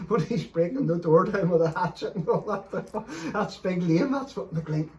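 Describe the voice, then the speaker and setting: A man, telling stories in a sweary, animated late-night chat, laughing as he goes. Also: high-pitched, measured pace, far from the mic. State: a bit stoned. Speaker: podcast host.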